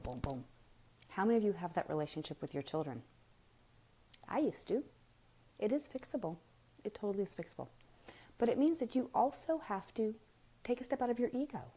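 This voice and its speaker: A woman's voice: on the low side, warm tone. A woman giving a frank, emphatic parenting talk in a casual live stream, full of rhetorical questions and speaking straight to her viewers. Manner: frank and blunt, addresses viewers directly.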